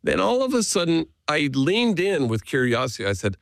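A priest talks in an earnest, gentle way, his voice gravelly with a lot of fry. His pitch rises and falls a great deal as he tells his stories. The sound is close and dry. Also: sing-song, moderate pace, no echo. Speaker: Jesuit priest, guest. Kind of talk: reflective conversational storytelling.

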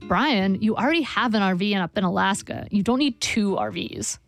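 A woman voicing a patient, firm older wife who speaks slowly and deliberately. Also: medium pitch, expressive, faint music behind, lightly acted.

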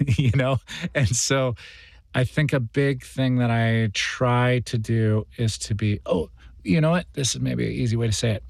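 A man's voice: mid-range voice, a little slow, vocal fry, no echo. Reflective, rambling male actor interviewed. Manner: reflective, rambling, many fillers and restarts. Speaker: guest actor. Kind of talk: interview conversation.

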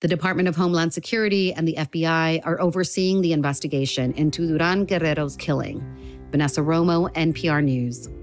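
A woman reporter narrating a news report with a measured, even delivery. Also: low-pitched, soft background music.

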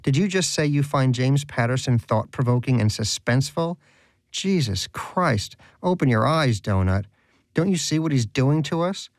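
A man's voice: medium pitch, very animated, a little slow, no room sound. A man voicing a brash, sarcastic and greedy male pet rodent who mocks and rants theatrically. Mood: indignant rant. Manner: mocking, theatrical, indignant.

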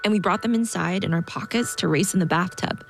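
A woman reads out a reserved young woman who apologizes a lot in an audiobook story. The voice sits low and a little gravelly, hesitant and quiet. Faint music plays behind. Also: brisk.

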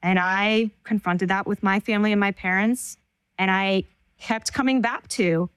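A woman speaking as a guest in an interview, earnest and quick, with frequent "like" fillers. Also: mid-range voice, steady tone, a bit bright, clean tone, no room sound. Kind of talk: interview conversation.

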